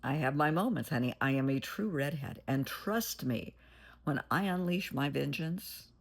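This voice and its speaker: A woman's voice: extremely low pitch, expressive, unhurried, vocal fry, breathy edge. A woman therapist giving blunt, plain-spoken advice in a monologue, calling the listener "honey". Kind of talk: motivational monologue.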